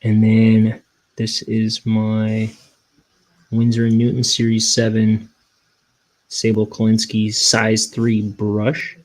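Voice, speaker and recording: A young man, a cartoonist, rambling in a meandering, self-deprecating way with deadpan jokes while he works. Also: on the low side, slow. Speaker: cartoonist inking his graphic novel. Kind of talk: casual rambling studio vlog.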